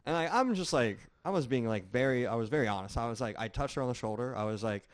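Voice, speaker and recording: A man's voice: mid-range voice, expressive, fast talker. A young man guesting on a podcast, telling stories animatedly, acting out quotes and laughing a lot. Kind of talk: casual podcast storytelling.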